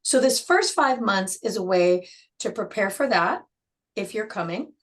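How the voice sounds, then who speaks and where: A woman guest on an interview show, explaining her program in a measured way and slowing down to stress key words. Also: mid-range voice, animated.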